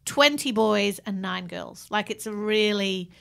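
A woman's voice: mid-range voice, measured pace, creaky, a bit bright. A middle-aged woman with an Australian accent, chatting casually as a co-host and telling a long story, laughing often. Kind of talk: casual chat.

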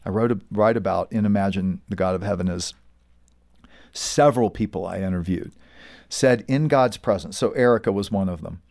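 A man's voice: low-pitched, moderate pace, vocal fry, a little mellow. A man, a pastor and author, earnestly recounting stories as a guest in a faith interview. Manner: earnest, storytelling.

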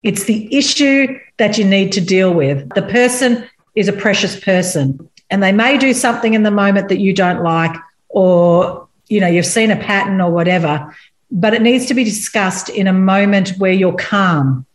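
A woman's voice: medium pitch, moderate pace. A woman speaking on marriage from a Christian view, earnest and candid as she tells stories from her own marriage. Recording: roomy echo.

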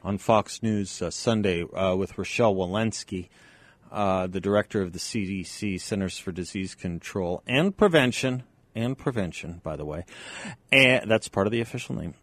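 A man's voice: low voice, normal speed, fairly bright tone, dry recording. A man hosting a talk radio show, talking in a conversational, wry and emphatic way into a studio microphone. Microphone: studio microphone, dry.

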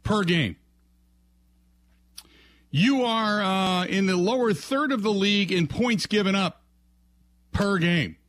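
A man's voice: high voice, takes it slowly, long pauses, fairly bright tone. A man from the hosting a sports radio show, ranting in a mocking, exasperated way and acting out silly scenes. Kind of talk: ranting sports talk with comic bits.

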